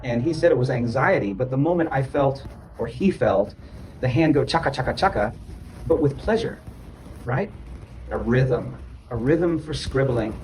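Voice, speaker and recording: A male therapist explaining ideas to a client in an emphatic, repetitive way, sometimes chanting rhythms out loud. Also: mid-range voice, a little slow, slight background noise, low-quality recording.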